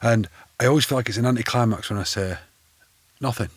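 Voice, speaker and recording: A man's voice: medium pitch, quick pace, no echo. A man hosting a candid podcast conversation, speaking directly and encouragingly. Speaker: podcast host.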